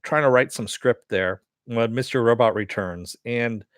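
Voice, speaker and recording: A man's voice: mid-range voice, a little slow, dry recording, clean studio sound. A man giving a rambling, casual spoken recap of a TV episode, full of "uh" and "you know" and offhand swearing. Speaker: TV episode reviewer.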